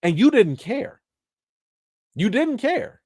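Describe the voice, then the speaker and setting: A man's voice: very high voice, sing-song, slow pace, darkish tone, breathy edge. A man hosting a livestream of entertainment news, with emphatic, scolding commentary. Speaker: livestream host.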